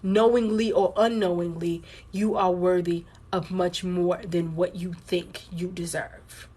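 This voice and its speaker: A woman's voice: on the low side, fairly even intonation, measured pace, dark tone, breathy edge. A woman doing a casual live stream card reading for viewers, with a sore throat and a held-back cough. She talks bluntly with lots of swearing and repeats her points for emphasis.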